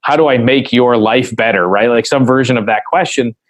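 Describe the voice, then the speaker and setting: A man's voice: medium pitch, fairly quick, dry recording, rough recording. A man speaking as a podcast guest in a casual interview conversation, earnest and reflective as he tells a story.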